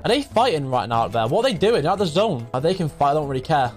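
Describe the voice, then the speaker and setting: Young man, gameplay commentary, high and bouncy, swings between mutters and yells, faint music under him. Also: quick pace. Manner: excitable, swings from muttering to shouting. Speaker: gaming streamer.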